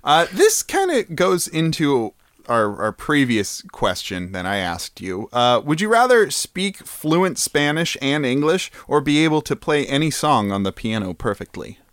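A man co-hosting a podcast, chatting casually with a playful, joking manner and laughing often. His pitch rises and falls lively, and the sound is dry and close. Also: measured pace, no echo. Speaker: podcast co-host. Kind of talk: casual chat.

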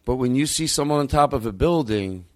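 A man hosting a podcast, ranting, swearing and jumping his pitch for emphasis. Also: lively intonation, fairly quick. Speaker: podcast host. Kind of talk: heated podcast rant.

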